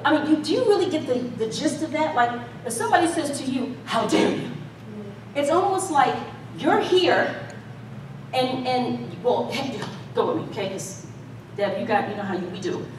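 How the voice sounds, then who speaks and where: High-voiced woman preaching in an echoey hall. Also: animated, moderate pace, a little hiss or hum. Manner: playful, laughing, talks with the congregation. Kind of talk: conversational sermon. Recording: echoey church hall, mic at a distance.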